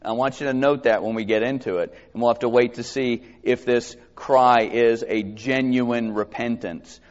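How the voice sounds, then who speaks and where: A pastor preaching a sermon and reading scripture aloud, with earnest, halting restarts. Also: male voice, mid-range voice, fairly even intonation. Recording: echoey hall, dull lo-fi sound.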